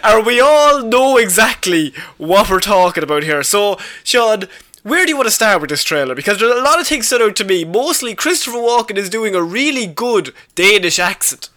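A man's voice: high voice, very animated, moderate pace, sharp tone. An Irish man co-hosting a casual movie podcast, leading the talk and laughing often. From Ireland. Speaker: podcast co-host. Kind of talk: casual chat.

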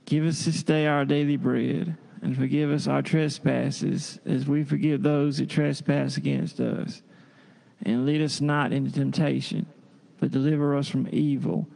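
Gravelly man leading church prayer. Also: on the high side, flat delivery, mellow. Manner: slow, measured liturgical cadence. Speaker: pastor. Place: church service.

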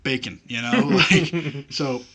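Bright crisp guy co-hosting a sports podcast, talks fast in bursts and trips over his words. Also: mid-range voice. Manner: animated, stammers and repeats words when cutting in. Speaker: podcast co-host. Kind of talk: casual sports banter.

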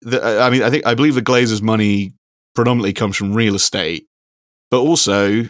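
Guy cohosting a podcast, lowish voice, rambly, swears a bit, dry close sound. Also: steady tone, a little fast, no room sound. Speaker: podcast co-host. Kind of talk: casual chat.

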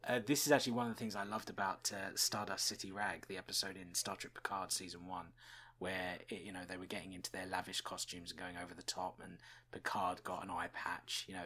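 A man's voice: low voice, pushed and bright, slight background noise. A man hosting a podcast, musing chattily about a TV episode with fillers and chuckles. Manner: chuckles often. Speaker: podcast host reviewing a TV episode. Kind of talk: casual spoken commentary.

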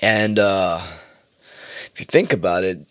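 A man's voice: sits low, takes it slowly, fairly bright tone, dry recording. A man ranting casually in a rambling, profane monologue, often laughing at his own points.

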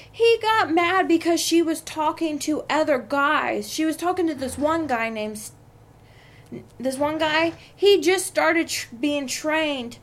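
In a casual monologue, a young adult woman who hosts a podcast recounts an angry story from work, cursing a lot as she vents. She sounds high-pitched and a bit bright.

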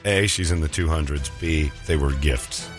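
A man hosting a talk show, telling a story casually and acting out other people's lines in pitched-up voices. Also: moderate pace, faint music behind.

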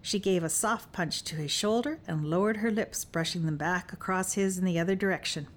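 A woman's voice: fairly low pitch, fairly quick, few pauses. Woman narrating a romantic fantasy audiobook.

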